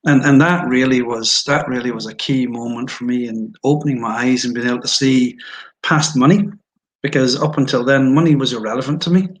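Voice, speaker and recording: Scottish man, interview guest, frank, self-deprecating, anecdotal, mid-pitched voice. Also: fairly quick, rough recording. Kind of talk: candid storytelling in conversation.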